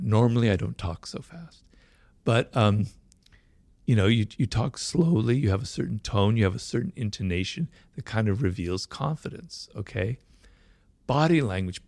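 A man explaining ideas as a guest in an interview. He talks fast and with animation and keeps asking rhetorical questions. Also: on the low side, darkish tone, no room sound.

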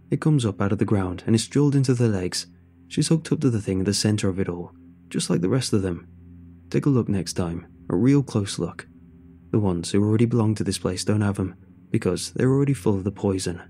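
A man's voice: lowish voice, dark tone. A man voicing Gary, a blunt, wry, seasoned man in a horror story.

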